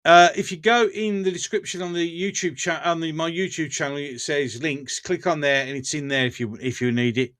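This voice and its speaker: A man's voice: a little high, fairly even intonation, a little fast, few pauses, a bit bright. A man with a Birmingham accent hosting a casual live stream, chatting bluntly with viewers, often laughing between remarks and going off on rants. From England.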